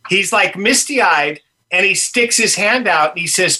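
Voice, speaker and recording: Older man, high voice, very bright tone, animated storyteller, laughs a lot. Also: measured pace. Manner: animated, laughs often, acts out dialogue. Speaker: podcast guest, punk musician. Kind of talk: casual storytelling.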